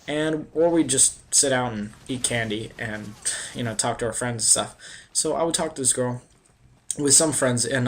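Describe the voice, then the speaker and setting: A man's voice: medium pitch, slight background noise. A man casually telling a personal story on a video, rambling and peppered with "like" and "you know". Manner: animated and swearing in retold bits. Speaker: vlogger.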